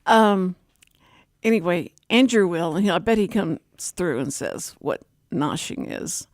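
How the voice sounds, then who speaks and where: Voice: woman. Role: radio talk host. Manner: rambling, animated storytelling. Pitch: swings widely. Room: dry, close studio sound. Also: a little slow, no room sound. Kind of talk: casual talk radio chat.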